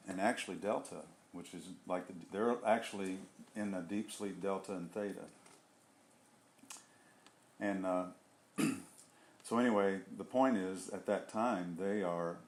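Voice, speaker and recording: A man in a casual group discussion, speaking earnestly and haltingly, often restarting and searching for words. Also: low voice. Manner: earnest and heartfelt. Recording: echoey room.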